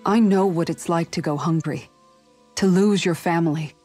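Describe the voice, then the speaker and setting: An actress voicing a calm, caring young woman and older sister who speaks thoughtfully, in a video game. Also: on the low side, moderate pace, soft background music, lightly acted. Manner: gentle, thoughtful, soft-spoken.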